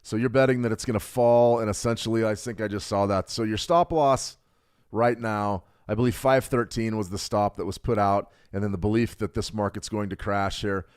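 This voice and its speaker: A middle-aged man with a somewhat low voice runs a live trading stream. He talks fast and animated, moves between charts and answers chat messages with easy jokes. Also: clear, resonant tone. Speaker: trading show host. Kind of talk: live market analysis with chat replies.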